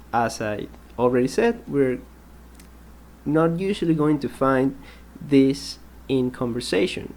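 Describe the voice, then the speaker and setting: A man patiently teaches an English grammar lesson, explaining, repeating example sentences and pausing with ums. His mid-range voice is a little mellow, with slight background noise.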